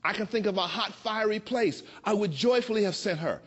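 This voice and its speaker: A man in his sixties from Chicago, telling a personal story with a playful, expressive delivery that slows down for emphasis. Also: sits high, husky. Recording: dull lo-fi recording.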